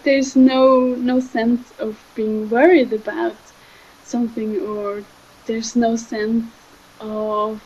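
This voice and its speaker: A young woman, giving a gentle, halting spiritual talk that often trails off softly. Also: on the high side, husky, muffled recording. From Switzerland. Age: 20s. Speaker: spiritual speaker.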